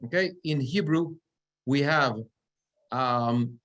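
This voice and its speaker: A man's voice: medium pitch, slow pace, a bit bright. A cantor teaching Torah reading in a classroom, explaining step by step and checking in with his students often. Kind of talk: classroom lecture. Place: synagogue classroom.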